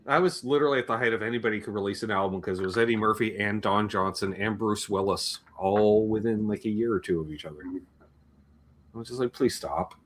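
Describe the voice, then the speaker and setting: A man with a Canadian accent hosts a casual chat from a home music room stocked with guitar pedals. His fairly low voice moves fast as he rambles, jokes around, and swears a lot.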